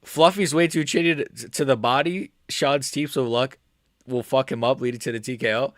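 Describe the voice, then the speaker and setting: A man's voice: medium pitch, normal speed, no room sound, studio quality. A man rambling crudely through a casual livestream chat about fights. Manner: rambling, crude joking, trails off. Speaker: MMA streamer.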